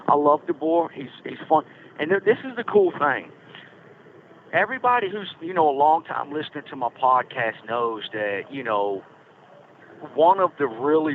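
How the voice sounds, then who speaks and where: A middle-aged man, telling stories in a rambling, folksy way as a podcast host. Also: medium pitch. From Virginia Blue Ridge foothills. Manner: rambling, folksy, lots of fillers. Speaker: podcast host calling from prison. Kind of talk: casual storytelling. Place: prison. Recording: tinny phone line with faint hiss.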